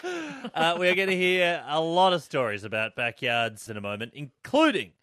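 A man's voice: fairly high pitch, big pitch swings, moderate pace, a bit bright, no echo, studio quality. A man hosting, adding quips and introducing callers. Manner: quips and laughs along. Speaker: host. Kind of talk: radio-style chat.

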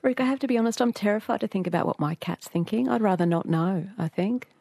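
A woman hosting a radio interview, asking measured questions. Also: mid-range voice, creaky, mellow, dry recording.

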